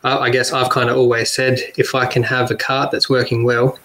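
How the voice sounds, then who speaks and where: A man with an Australian accent, a guest kart driver talking casually on a podcast, relaxed and quick to laugh. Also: medium pitch, rough recording. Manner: relaxed, laughs often, repeats words.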